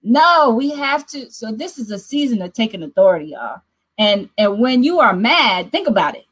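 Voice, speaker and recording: A woman hosting a midnight prayer watch, preaching in an emphatic, expressive way with lively asides. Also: medium pitch, moderate pace, husky, low-quality recording. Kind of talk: preaching to an online prayer audience.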